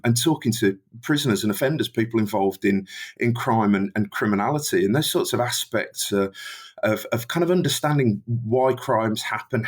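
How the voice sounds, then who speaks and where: Male academic guest, mild Brummie accent, courteous and halting, lots of self-corrections. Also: medium pitch, husky. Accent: Brummie, softened. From Birmingham, England. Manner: hesitant, many restarts, polite. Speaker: criminology professor, guest. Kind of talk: interview conversation.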